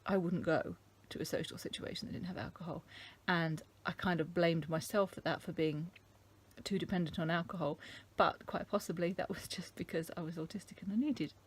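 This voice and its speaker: A middle-aged woman from England talking casually to camera, thoughtful and halting, with many ums. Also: fairly low pitch, steady tone, husky. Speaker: vlogger. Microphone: camera mic.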